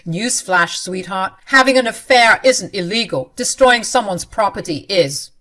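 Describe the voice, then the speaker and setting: A woman voicing an angry adult man caught cheating, shouting in strained, high-pitched outbursts. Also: lively intonation, normal speed, lightly acted. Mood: defiant sneering.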